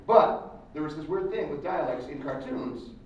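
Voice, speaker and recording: A man's voice: a little high, moderate pace, muffled recording, slight background noise. A man with an Australian accent moderating a convention panel, joking and laughing as he talks. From northern Australia. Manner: jokey, animated, laughs often. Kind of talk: casual joking panel talk. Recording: echoey convention hall, distant mic, loud crowd.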